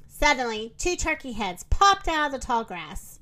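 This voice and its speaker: A woman telling a children's story aloud at an unhurried pace. Her high voice rises and falls with lively expression. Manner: slow, expressive.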